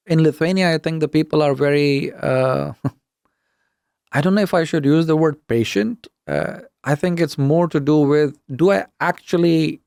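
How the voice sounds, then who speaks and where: Gravelly, indignant middle-aged man. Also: on the high side, a little slow, dry recording, studio quality. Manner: animated, retells dialogue with indignant emphasis. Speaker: podcast guest. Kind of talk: casual storytelling interview.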